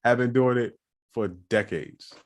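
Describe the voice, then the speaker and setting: A man co-hosts a podcast about music production in an easygoing, joking chat. His voice sits at an ordinary middle pitch. He slips into mock voices now and then to act out phone calls. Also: unhurried. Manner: jokey, acts out calls in put-on voices. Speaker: podcast co-host. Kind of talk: casual chat.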